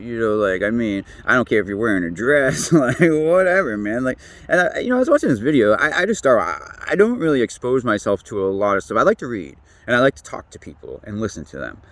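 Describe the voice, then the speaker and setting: Rambling, animated podcast host man. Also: fairly low pitch. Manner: rambling, profane, laughs often. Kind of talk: casual monologue.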